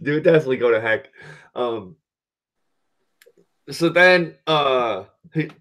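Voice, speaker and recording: A podcast host chatting casually about a movie, rambling excitedly and swearing a lot. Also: male voice, mid-range voice, slow pace. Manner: excited, profane, rambling recap.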